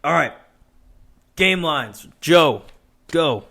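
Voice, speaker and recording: A man's voice: a little high, lively intonation, drawn-out words, gravelly. Young man hosting a sports betting podcast. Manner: loud, laughing, swears a lot. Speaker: podcast host. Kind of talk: casual sports betting chat.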